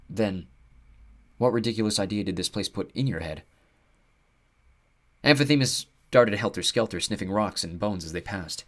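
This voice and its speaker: A man narrating an audiobook with an expressive storytelling delivery. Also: lowish voice, moderate pace, long pauses.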